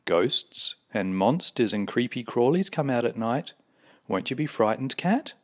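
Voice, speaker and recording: A man voicing a small boy who worries for his cat, pleading in a high, earnest voice. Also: animated, unhurried.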